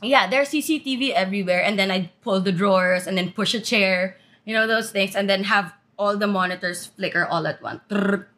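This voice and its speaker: A woman's voice: mid-range voice, fairly quick, fairly bright tone. A woman co-hosting a podcast in casual chat, playful and mischievous as she spins ideas. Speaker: podcast co-host.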